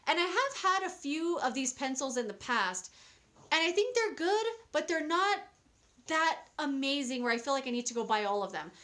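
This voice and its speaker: A young woman with a high, light voice chats through a casual product review. She sounds enthusiastic and a little rambling, often restarting her sentences and adding fillers. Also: very animated, moderate pace, a bit bright. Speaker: beauty vlogger.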